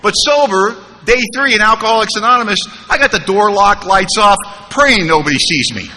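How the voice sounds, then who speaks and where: A man telling his personal recovery story to a live audience, humorous and animated, with quoted dialogue. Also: high voice, moderate pace, slight background noise. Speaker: recovery meeting speaker. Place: large conference hall. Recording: live hall recording with reverb.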